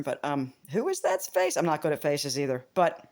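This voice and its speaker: Woman, casual vlogger; loose, rambling, profane, quick to laugh, with wide pitch jumps. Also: lively intonation, darkish tone. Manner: rambling, swearing, laughing, big pitch swings.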